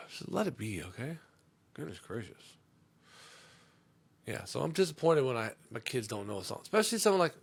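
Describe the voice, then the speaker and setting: A middle-aged man on a comedy podcast telling a profane story, swinging between loud outbursts and muttered asides. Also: medium pitch, very animated, a little fast, creaky, long pauses. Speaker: podcast host.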